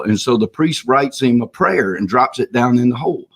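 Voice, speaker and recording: Husky man telling an animated story. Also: mid-range voice, fairly quick, hardly any pauses. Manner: animated storyteller, acts out voices. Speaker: co-host. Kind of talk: casual webinar talk with storytelling.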